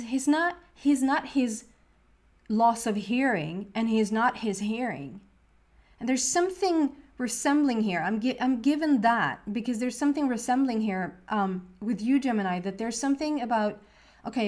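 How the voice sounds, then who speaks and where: A woman with a slightly higher voice gives a casual tarot reading, talking straight to her viewers. She rambles earnestly, leaning on fillers and restarting her sentences, and lets her feelings show. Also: a little mellow. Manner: earnest and openly emotional. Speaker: tarot reader.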